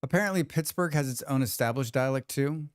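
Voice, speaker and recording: Man, livestream host, casual rambling chat, crisp tone, dry sound. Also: medium pitch, a little fast, no room sound. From United States. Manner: rambling, musing aloud and reading chat messages. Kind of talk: casual chat with chat while gaming.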